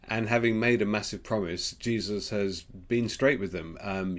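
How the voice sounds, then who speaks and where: Man, Australian accent, deep voice, devotional reflection, gentle, hesitant ums. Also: measured pace. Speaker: preacher.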